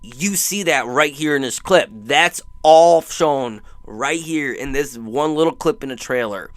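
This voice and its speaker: A man's voice: medium pitch, unhurried, no room sound. A man hosting his own channel, rambling enthusiastically through a casual trailer breakdown with lots of restarts. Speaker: YouTube channel host.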